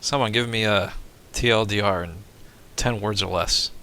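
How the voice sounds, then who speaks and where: A man's voice: fairly low pitch, normal speed, bright, forceful tone. A man live-streaming a flight sim, talking to chat and coaching himself as he plays. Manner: talks to chat, self-coaching, laughs often. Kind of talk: casual live-stream commentary.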